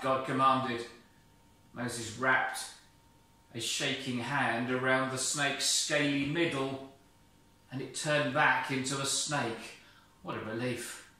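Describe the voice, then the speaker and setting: Expressive storyteller in an echoey church. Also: male voice, mid-range voice, slow pace. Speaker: church children's talk leader. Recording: very echoey, distant mic.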